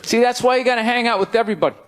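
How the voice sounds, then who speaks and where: High-pitched ranting male comedian. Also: rapid-fire, noisy background. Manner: loud, incredulous, shouting ranting. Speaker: stand-up comedian. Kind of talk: stand-up comedy rant. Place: stage before a live audience. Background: audience laughter.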